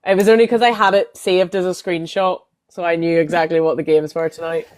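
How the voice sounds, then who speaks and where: A woman's voice: fairly low pitch, little pitch movement, fairly quick, a little mellow. A woman co-hosting a football podcast, chatting casually and matter-of-factly about the games. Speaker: podcast co-host. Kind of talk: casual chat.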